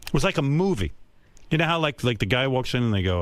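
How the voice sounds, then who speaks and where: An older man hosting a radio show, telling a crude comic story with brash boasting and quick mocking voices. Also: medium pitch, very animated, dry recording. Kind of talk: crude comedic radio banter. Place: radio studio.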